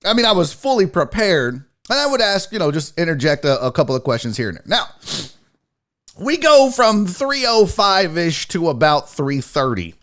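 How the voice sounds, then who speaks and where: A man hosting a sports talk show, telling a story in a casual, profane, animated way and acting out what others said. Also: high-pitched. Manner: animated, profane, acts out quotes. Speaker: podcast host.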